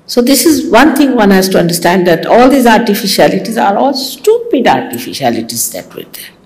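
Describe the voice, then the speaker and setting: A woman's voice: mid-range voice, very animated, a little fast, darkish tone, poor audio. A woman giving a sermon to her followers, teasing and scolding with humor. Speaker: spiritual teacher.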